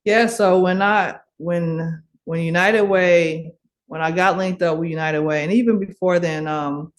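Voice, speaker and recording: A woman's voice: on the low side, a little slow. Middle-aged woman from milwaukee telling a story on a podcast, chatty, laughs a lot, fillers and restarts everywhere. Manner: animated, laughs often, many fillers and restarts. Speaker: podcast guest. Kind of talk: casual storytelling.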